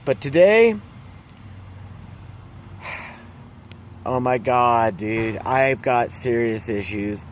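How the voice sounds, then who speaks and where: A man's voice: medium pitch, fairly even intonation, takes it slowly, pauses often, slight background noise. A man ranting in a casual vlog, blunt and profane, rambling through his complaints. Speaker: vlogger.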